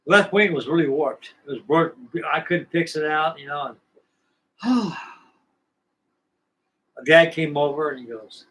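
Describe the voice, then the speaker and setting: A man's voice: fairly high pitch, lively intonation, unhurried, long pauses, a bit bright, poor audio. An older man from California hosting a model-building show, telling long, rambling stories in a folksy, salty way. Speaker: model-building channel host. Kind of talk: rambling casual storytelling.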